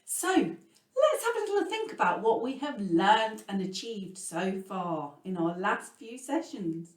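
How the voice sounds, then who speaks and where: An English woman leading a children's music lesson, animated and sing-song, swinging between loud words and whispers. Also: mid-range voice, unhurried. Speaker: music teacher. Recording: echoey room, voice from a distance.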